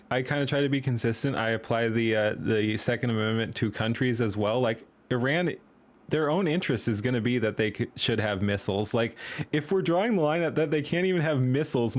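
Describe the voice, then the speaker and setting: A man's voice: mid-range voice, a little fast. Sarcastic, profane man hosting. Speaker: stream host. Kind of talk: casual political chat.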